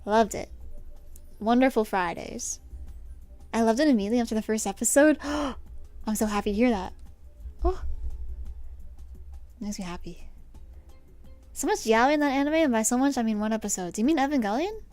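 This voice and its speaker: A young woman livestreaming from her desk at home, chatting casually with her viewers, giggling often and sometimes dropping to a soft whisper. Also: fairly high pitch, animated, normal speed, pauses often, no echo. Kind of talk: casual chat answering a live chat. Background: faint stream music.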